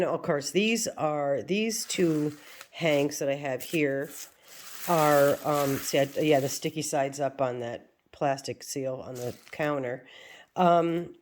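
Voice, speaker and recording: A woman's voice: low voice, a little mellow. An American woman chatting casually in a crafting vlog, rambling and self-deprecating, chuckling at her own attempts. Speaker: crafting vlogger. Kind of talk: casual chat.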